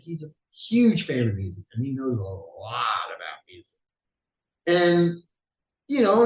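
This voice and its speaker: A rock singer chats through an interview, animated and loose, swearing freely and laughing as he tells stories. His voice sits a little high, and the room rings around him. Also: lo-fi sound. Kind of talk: casual storytelling interview. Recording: roomy echo.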